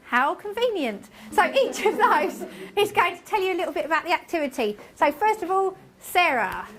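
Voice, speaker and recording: High-voiced chatty woman teacher presenting. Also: very animated, normal speed, a bit bright. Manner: chatty and self-mocking. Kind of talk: lively workshop presentation. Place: conference room with tables.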